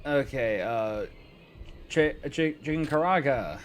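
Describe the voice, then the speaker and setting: A man's voice: medium pitch, animated, slow, faint music behind. A man casually commentating on a game he is playing, playful and jokey. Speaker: let's play gamer.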